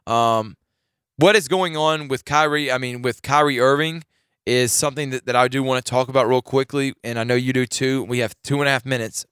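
A man hosts a sports talk radio show, his voice bright and clean with a slightly high pitch. He gives strong opinions and builds into emphatic rants. The sound is dry and close to the mic. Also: fairly even intonation, a little fast, clean tone, no echo.

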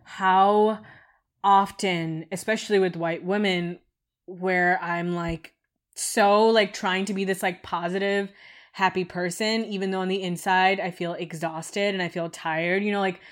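A woman's voice: on the low side, fairly even intonation, a little slow. A woman co-hosting a podcast in loose, casual chat. She rambles through her thoughts, full of fillers, with a fed-up, frustrated tone. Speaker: podcast co-host.

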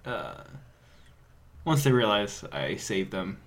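A man's voice: fairly low pitch, very animated, slow pace, fairly bright tone. A man co-hosting a podcast, telling stories in casual chat and often breaking into laughter. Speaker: podcast co-host.

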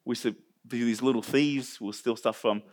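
A man with a New Zealand accent preaching a sermon as pastor, animated and jokey, talking straight to his congregation. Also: mid-range voice, moderate pace. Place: church service.

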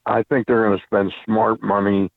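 A man calling in as a weekly guest for casual sports chat, talking rapidly and over the host. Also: lowish voice, little pitch movement, gravelly, no room sound. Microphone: phone call. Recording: tinny phone line.

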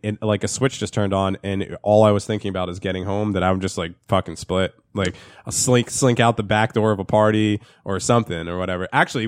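A man's voice: on the low side, no room sound, clean studio sound. A man in casual chat, rambling and swearing as he tells a story. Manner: profane, rambling, laughs often.

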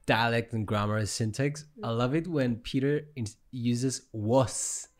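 A man's voice: medium pitch, a little slow. Curious questioning man in casual chat. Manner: curious, questioning, hesitant with fillers. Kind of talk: casual banter.

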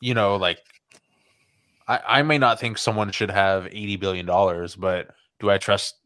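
Laid-back, low-voiced podcast guy. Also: fairly even intonation, normal speed, fairly bright tone, no echo. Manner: laid-back, agreeing, laughs often, swears. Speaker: podcast co-host. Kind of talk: casual political chat.

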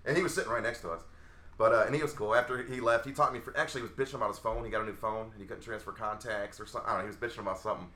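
A man guest co-hosting a podcast, telling quick, animated anecdotes that jump up in pitch when he quotes people. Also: echoey room. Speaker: guest co-host. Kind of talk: casual podcast chat.

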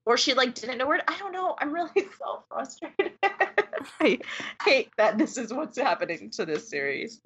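A woman's voice: sits high, sing-song, moderate pace, a bit bright, breathy edge. A woman chatting casually about books, ranting with lots of fillers and exasperation. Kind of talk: casual book discussion. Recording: dull lo-fi sound.

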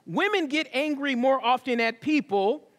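A man with a very high voice delivers a sermon to his congregation. He preaches in an easy, conversational way, mixing asides with scripture. His voice rings out into the long reverb of a church hall. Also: lively intonation, moderate pace, fairly bright tone. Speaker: pastor. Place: church sanctuary.

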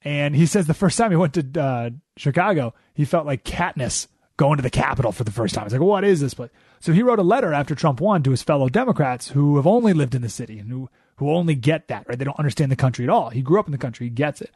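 A man hosting a talk radio show, telling a story in an animated way, swinging between loud emphasis and quiet asides. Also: on the high side, quick pace, slightly rough, dry recording, clean studio sound.

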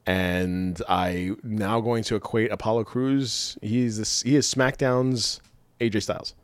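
A man co-hosting a casual chat show, rambling, excitable and laughing often. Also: fairly low pitch, a little slow, no room sound. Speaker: podcast co-host.

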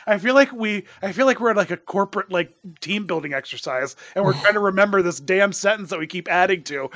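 A playful, animated man co-hosting a casual chat who laughs easily. His voice is quite high and bright in tone. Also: brisk. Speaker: podcast co-host.

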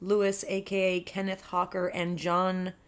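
A woman's voice: lowish voice, monotone, moderate pace. A woman co-hosting a music podcast in casual, giggly chat, with plenty of fillers. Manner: giggly, chatty, with many fillers. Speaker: podcast co-host.

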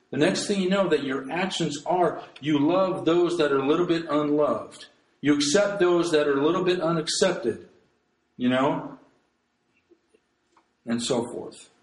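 A man's voice: fairly high pitch, roomy sound, rough recording. A man preaching a sermon as pastor, earnest and emphatic, often restarting his sentences.

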